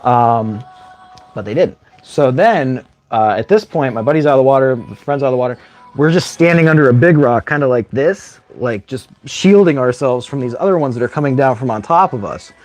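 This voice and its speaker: A man's voice: mid-range voice, animated, fairly quick, darkish tone, soft background music. A man hosting a live stream, telling a story in a casual, rambling way and often tagging his lines with "right?". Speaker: livestream host.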